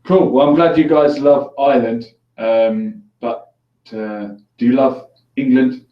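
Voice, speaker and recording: A man's voice: mid-range voice, fairly even intonation, measured pace. Joking man hosting a call-in show, echoey. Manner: chatty and joking, laughs easily. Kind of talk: casual call-in chat. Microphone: headphones on, mic at a distance. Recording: echoey room, distant dull lo-fi mic.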